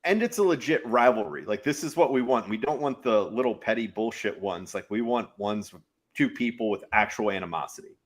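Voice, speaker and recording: A man's voice: fairly low pitch, expressive, fairly quick. A man co-hosting a casual podcast chat, blunt and sarcastic. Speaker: podcast co-host.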